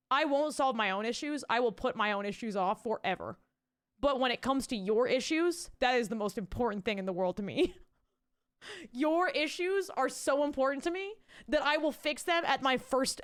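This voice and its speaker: A young adult woman, streaming and chatting casually, bubbly and rambling as she thanks her chat. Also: sits high.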